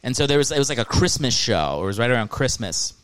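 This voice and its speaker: A man's voice: mid-range voice, sing-song, quick pace, clean tone, no room sound. A man hosting his own comedy podcast, rambling through jokes with lots of swearing and laughing at his own bits. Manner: rambling, profane, jokey, breaks into mocking voices. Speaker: podcast host.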